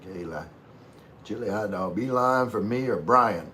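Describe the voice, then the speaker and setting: A man hosting a relaxed livestream, rambling in a folksy way while eating and chatting to viewers. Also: on the low side, moderate pace, a little hiss or hum. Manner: laid-back, rambling, talks with mouth full; folksy, calls himself country. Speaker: vlogger hosting a live stream.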